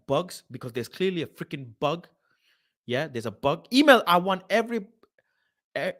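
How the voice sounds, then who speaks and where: A man hosts a football channel, ranting in a casual live stream. He swears, reads things aloud off a screen and keeps breaking into loud mock outrage. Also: fairly high pitch. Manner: animated, exasperated, swearing, shouting in mock outrage.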